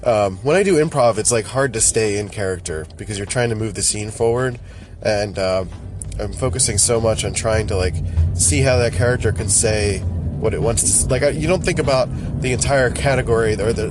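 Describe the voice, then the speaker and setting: A man hosting a casual solo podcast, rambling and interrupting himself, laughing at his own jokes. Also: mid-range voice. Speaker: podcast host. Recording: loud background noise.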